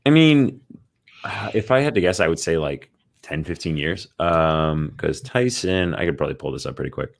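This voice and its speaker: A very deep-voiced man co-hosting a movie podcast. He rambles in a loose, casual way, reading news items aloud and padding his sentences with ums and likes. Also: sing-song, moderate pace, gravelly. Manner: rambling, reads out news articles with many fillers. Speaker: podcast co-host.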